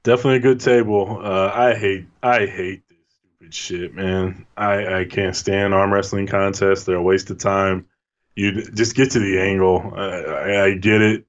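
A deep-voiced man chats in a relaxed, blunt way, often laughing at his co-host. His audio sounds muffled and slightly lo-fi. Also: moderate pace. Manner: laid-back, laughs often, blunt opinions. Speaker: podcast co-host. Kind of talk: casual chat.

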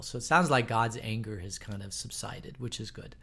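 A man's voice: fairly low pitch, moderate pace, gravelly, few pauses, sharp tone, breathy edge. A man leading a Bible study who reads scripture, teaches informally with frequent ums, and closes in prayer. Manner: informal, hesitant, many ums.

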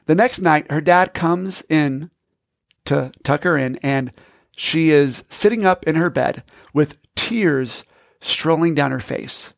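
A man's voice: on the high side, measured pace, gravelly, no room sound, clean studio sound. A man hosting a podcast, telling a story in an upbeat, casual way. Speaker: podcast host.

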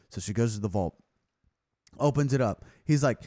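A man's voice: medium pitch, animated, brisk, darkish tone, no echo, clean studio sound. A man co-hosting a podcast, telling crude jokes and swearing freely in casual chat. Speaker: podcast co-host.

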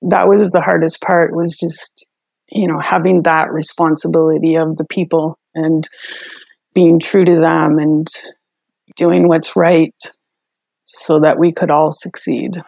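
A woman speaks earnestly in an interview, her fairly low voice gravelly with vocal fry. The sound is dry and close. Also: flat delivery, a little slow, a little mellow, no echo. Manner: earnest, reflective, with fillers. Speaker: interviewee, business co-owner. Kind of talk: documentary interview.

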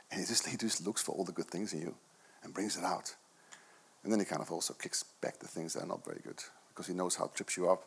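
A man's voice: low-pitched, steady tone, quick pace, vocal fry, husky. A middle-aged man preaching a sermon to his church, earnest and conversational, with many rhetorical questions. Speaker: pastor.

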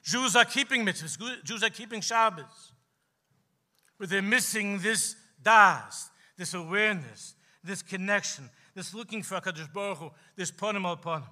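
A man, a rabbi preaching to a gathering, telling stories with passion and slowing down for emphasis. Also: expressive. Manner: impassioned storytelling, slows for emphasis, drops low and quiet at key lines. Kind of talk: sermon at a gathering. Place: live event hall.

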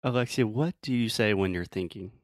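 A man teaching English pronunciation in a casual, playful way, explaining slowly with many examples. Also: on the low side, no echo, studio quality.

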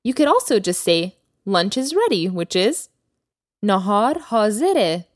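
A woman hosting a language lesson podcast as the teacher, speaking clearly and slowing down to model new words. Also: mid-range voice, very animated, no echo, clean studio sound. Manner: clear teacherly delivery, slows down for vocabulary. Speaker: Persian teacher, podcast host.

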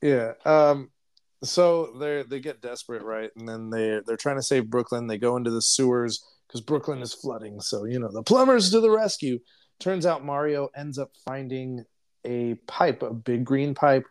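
A man's voice: medium pitch, fairly even intonation, normal speed, a little mellow, clean tone. A young man co-hosting a podcast, casually recapping a film in a rambling way and laughing often. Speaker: podcast co-host. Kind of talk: casual chat, movie review.

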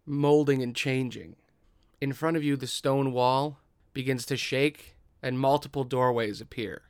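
A man running a tabletop game as game master, with slow, dramatic narration and casual asides. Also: medium pitch, smooth, dry recording, studio quality.

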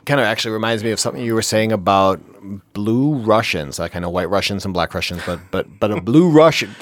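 A man from Wisconsin co-hosting a podcast, casual and halting, with dry joking asides. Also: lowish voice, lively intonation, no echo. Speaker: podcast co-host. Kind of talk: casual chat.

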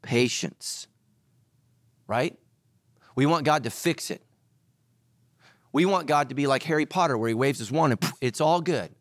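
A middle-aged man preaching a sermon as pastor, animated and joking, acting out little voices. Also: mid-range voice, measured pace, long pauses, no room sound. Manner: animated, acts out voices, jokes with the congregation.

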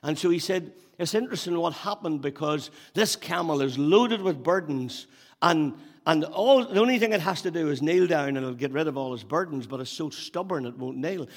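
A male pastor giving a sermon, building up to loud emphatic repeated phrases and dropping back to storytelling. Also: on the high side, animated, normal speed. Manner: preaching with rising emphatic repetition. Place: church hall. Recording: long hall reverb.

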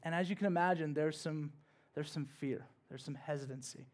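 A male pastor preaching in church, telling a personal story in a conversational way that swings from hushed to loud and emphatic. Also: on the high side, a little fast. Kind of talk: sermon told as a personal story.

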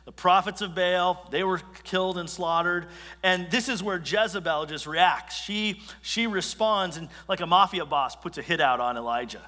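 A man preaching as pastor, telling the story with lively acted-out quotes. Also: sits high, moderate pace. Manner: animated storyteller acting out quotes. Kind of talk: sermon. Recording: long hall reverb.

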